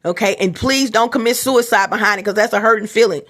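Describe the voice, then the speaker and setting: A woman's voice: mid-range voice, fast talker, a bit bright. A middle-aged woman vlogging in a casual, rambling monologue, repeating herself and talking straight to her viewers. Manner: repetitive, restarts often, talks straight to viewers.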